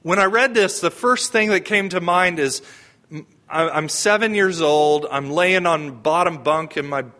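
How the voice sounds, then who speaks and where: Bright-voiced man preaching a homily. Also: fairly high pitch, unhurried. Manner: conversational preaching, asks the congregation questions. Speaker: priest.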